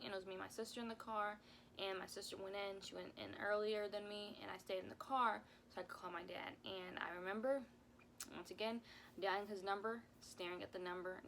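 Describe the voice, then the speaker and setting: A woman's voice: medium pitch, fairly bright tone, a little hiss or hum. A young woman in her twenties telling a casual story time vlog, rambling and heartfelt, with lots of "like"s. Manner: rambling and heartfelt, full of "like"s, close to tears at times. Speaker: mom vlogger.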